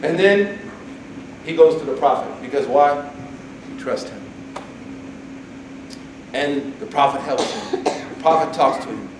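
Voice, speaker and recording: A man giving a casual, humorous religious talk to a campus group, animated and jokey, acting out quotes. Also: fairly high pitch, unhurried, pauses often. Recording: echoey hall from far off, noisy.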